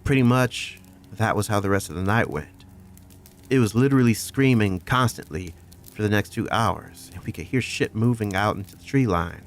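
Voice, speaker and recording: A man's voice: lowish voice, moderate pace. A man narrating a first-person horror story in a profane, conversational way.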